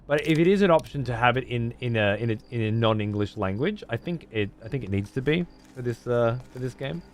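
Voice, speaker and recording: A man's voice: mid-range voice, expressive, fairly quick, a little hiss or hum. A man giving casual gameplay commentary as a streamer, profane and sarcastic.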